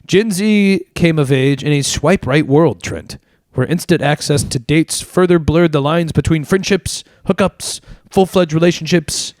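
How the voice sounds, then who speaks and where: A man's voice: on the high side, measured pace, darkish tone, dry recording. A man co-hosting a comedy podcast, reading news stories aloud and riffing on them with sarcastic jokes. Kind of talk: casual comedic banter.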